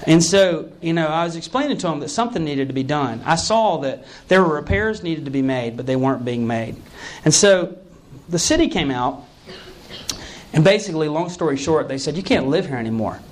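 A young adult man preaching a sermon, telling a personal story earnestly and acting out the dialogue. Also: fairly high pitch. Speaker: pastor.

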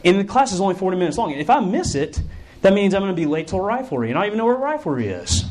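A man voicing a flustered young camper who asks quick, rising, fretful questions. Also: medium pitch, expressive, darkish tone, husky.

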